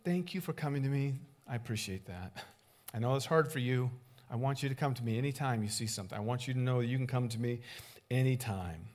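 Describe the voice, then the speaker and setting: A man preaching a sermon as a pastor, animated, acting out short dialogues with big swings in loudness. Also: medium pitch, a little fast.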